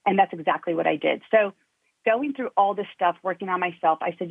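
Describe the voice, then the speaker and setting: A woman's voice: fairly low pitch, fairly quick, gravelly, slightly rough, dry recording. A woman, a guest who coaches parents and children, telling her story in an earnest, motivational way. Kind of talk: personal storytelling in conversation. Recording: tinny phone-line audio.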